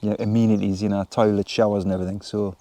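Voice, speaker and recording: A man, chatting casually in a relaxed, rambling way as he vlogs from a woodland wild camp. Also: on the low side, racing, no echo. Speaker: vlogger. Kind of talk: casual outdoor vlog talk. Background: birds and woodland ambience.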